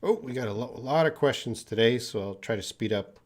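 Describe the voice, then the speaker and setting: A man teaching English on a live stream, answering viewer questions and explaining with many pauses and fillers. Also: medium pitch.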